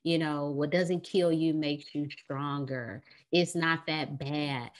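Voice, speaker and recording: Woman therapist, American, low-ish voice, animated guest who acts out quotes with a laugh. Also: slow pace. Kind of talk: podcast conversation.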